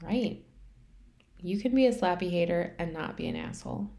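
A woman's voice: fairly low pitch, moderate pace, vocal fry, dark tone. A woman co-hosting a casual podcast chat, wry and laughing often. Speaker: podcast co-host.

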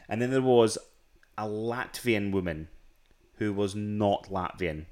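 A man's voice: lowish voice, slow, a little mellow. A Scottish man co-hosting a podcast, telling stories in casual chat with many restarts. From Scotland. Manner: rambling storytelling with frequent restarts and laughs. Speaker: podcast co-host.

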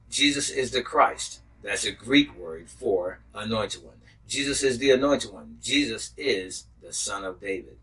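A man's voice: fairly low pitch, fairly bright tone, slightly rough, far from the mic, low-quality recording. A man preaching as a pastor, teaching a Bible healing lesson, reading verses aloud, repeating key phrases and dropping in praise God. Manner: interjects praise God and glory to God.

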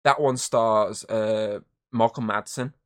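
This man's voice is lowish and steady, and he speaks at a slow pace while co-hosting a podcast. The talk is casual, with lots of rambling and swearing as he retells movie scenes and acts them out in voices.

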